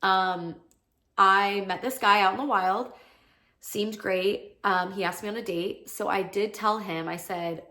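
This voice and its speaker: A woman's voice: medium pitch, steady tone, unhurried, sharp tone. Chatty woman podcast host, storytelling. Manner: chatty, peppered with "like", acts out quoted lines. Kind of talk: casual storytelling monologue.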